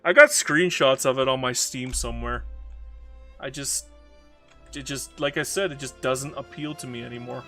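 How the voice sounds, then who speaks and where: Bright-voiced man rambling on a live stream. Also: medium pitch, moderate pace, soft background music. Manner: rambling, self-mocking, reads chat aloud. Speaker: game streamer. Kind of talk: casual live-stream commentary.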